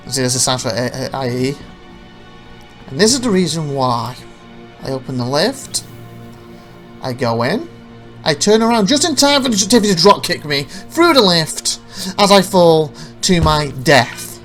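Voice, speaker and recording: A man's voice: a little high, big pitch swings, unhurried, long pauses, a bit bright, soft background music. A man narrating his own gameplay footage as a let's play, rambling through anecdotes with frequent restarts. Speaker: gameplay commentator.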